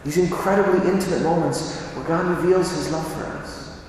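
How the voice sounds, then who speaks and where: A man's voice: fairly high pitch, normal speed, a little mellow, slight background noise. Guy preaching in church, chatty, lots of rhetorical questions, super echoey and distant. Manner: conversational, rhetorical questions, emphatic repetition. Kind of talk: sermon. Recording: echoey hall, voice from far off.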